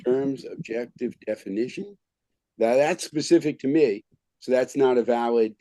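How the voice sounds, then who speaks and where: A man's voice: mid-range voice, normal speed, warm tone, no echo. A man teaching an online skills class over a video call, talking informally and filling his speech with "okay" and "right". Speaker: skills trainer.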